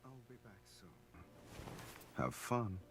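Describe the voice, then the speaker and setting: An actor playing a brooding young man character, speaking low and intimately in a clip played back over loud music. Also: very animated, slow, very noisy. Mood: low murmur.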